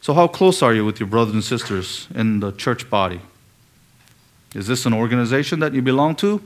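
A man's voice: medium pitch, animated, brisk. Man preaching with rhetorical questions. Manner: rhetorical questions, emphatic rises on key words. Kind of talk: expository sermon.

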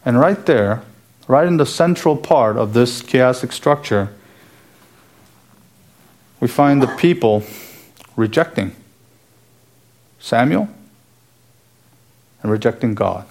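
A man's voice: medium pitch, lively intonation, slow, pauses often, darkish tone. A man preaching an earnest expository sermon, asking emphatic rhetorical questions as he explains a scripture passage verse by verse.

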